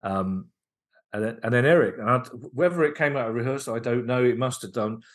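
A man, a comedian and writer, telling comedy anecdotes in a casual podcast chat, lively and enthusiastic, often restarting his sentences. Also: mid-range voice, fairly quick.

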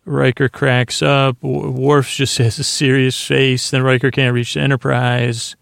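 A man's voice: medium pitch, level tone, unhurried, gravelly, a bit bright, no room sound, clean studio sound. A man hosting a bedtime podcast, recapping a TV episode in a meandering, hesitant way full of asides and restarts. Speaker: podcast host.

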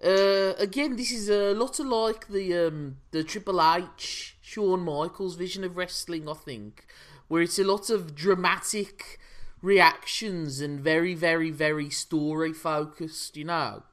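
A man's voice: high voice, measured pace, fairly bright tone. A man, co-hosting a podcast in a chatty, jokey way. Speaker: podcast co-host. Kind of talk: casual chat.

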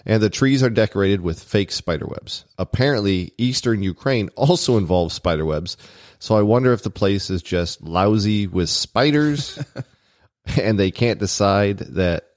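A man co-hosting a podcast, reading out trivia and dropping wry, deadpan quips between the facts. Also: on the low side, no echo, studio quality. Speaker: podcast co-host. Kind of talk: reading trivia aloud with joking asides.

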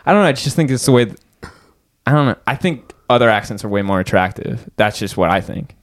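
A man's voice: fairly low pitch, expressive, fast. A young man co-hosting a podcast, chatting casually and playfully. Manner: playful, slips into mock accents and quoted voices. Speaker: podcast co-host. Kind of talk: casual chat.

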